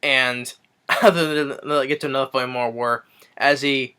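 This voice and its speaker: A man's voice: medium pitch, fairly even intonation, measured pace, sharp tone, smooth. A man giving a casual spoken movie review, retelling scenes eagerly with many fillers and restarts.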